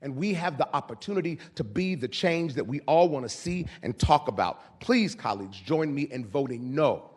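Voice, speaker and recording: A man's voice: on the high side, lively intonation, moderate pace, slightly rough. A man on a city council making an earnest, persuasive floor speech with formal appeals to his colleagues, into a desk microphone in a council chamber.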